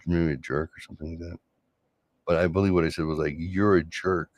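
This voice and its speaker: A man's voice: deep voice, fairly even intonation, a little fast, dry recording, muffled recording. A man hosting a solo show, telling a rambling personal story in a sarcastic, casual way with frequent restarts. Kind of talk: casual monologue.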